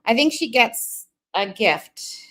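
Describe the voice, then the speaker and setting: Chatty woman streamer, slightly high voice. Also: animated, slow, pushed and bright, a little hiss or hum, poor audio. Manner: chatty, musing aloud with small laughs. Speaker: streamer reacting to clips. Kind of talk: casual commentary.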